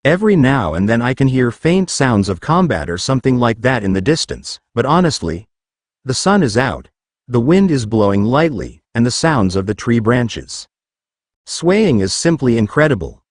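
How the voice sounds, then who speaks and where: A man reads a fan-made story aloud in a casual first-person voice, sometimes reading out the punctuation itself. His pitch moves around a lot, and the sound is close and dry with no room. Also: big pitch swings, normal speed, no room sound. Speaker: fan fiction reader.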